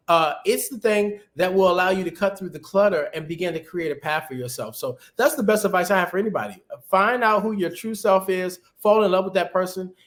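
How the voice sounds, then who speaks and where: Male webinar guest, higher-set voice, lively conversational delivery over a video call. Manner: animated, conversational advice-giving. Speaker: guest, TV executive producer. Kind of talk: casual webinar interview.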